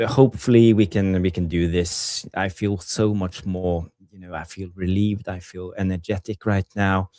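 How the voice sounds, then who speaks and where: A man with a low voice talks football in a relaxed fan chat, stumbling over his words and repeating himself as he thinks. The recording is dry and close. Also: no echo. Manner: hesitant, many fillers and repeated words. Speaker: fan channel co-host.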